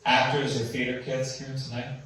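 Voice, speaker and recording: A man from New York doing stand-up crowd work, teasing an audience member with quick, wry questions. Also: mid-range voice, level tone, recorded from a distance. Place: comedy club stage with audience. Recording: echoey club, heard from afar, loud room noise. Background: audience laughter.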